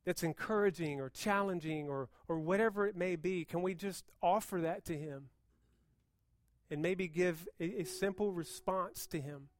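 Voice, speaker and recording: A man preaching a sermon as pastor, moving between hushed, intense passages and loud, fervent appeals. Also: high-pitched, moderate pace.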